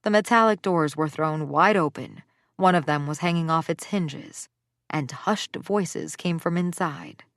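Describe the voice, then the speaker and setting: A woman narrating a romance audiobook in the first person, with expressive scripted delivery. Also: low voice, measured pace, dry recording, studio quality.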